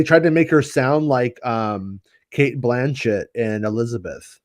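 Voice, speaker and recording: A man co-hosting a casual chat podcast, animated and profane, who slips into mocking voices. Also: mid-range voice, measured pace. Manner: animated, swears, mocks voices. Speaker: podcast co-host.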